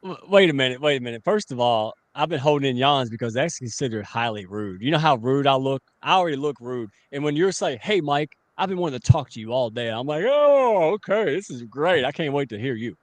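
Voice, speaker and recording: A man in his forties hosting a casual talk show, joking and teasing his guest in an animated way. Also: medium pitch, fast, few pauses, no echo. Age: 40s.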